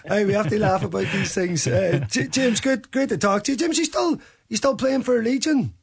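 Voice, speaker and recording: A man's voice: sits high, moderate pace, creaky, husky. A man hosting a casual radio sports chat, teasing and chatty with frequent restarts. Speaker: radio sports show host.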